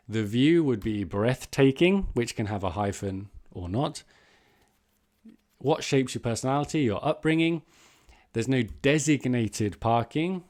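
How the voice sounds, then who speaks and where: A man teaching an online English exam lesson, explaining word forms in an upbeat, explanatory way. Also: fairly low pitch. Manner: explanatory, lively and upbeat, stresses item numbers.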